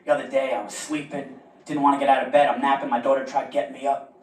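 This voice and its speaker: A man's voice: mid-range voice, flat delivery, fast talker, reverberant, distant mic. A man doing a stand-up comedy set, telling stories in a conversational way with self-mocking asides.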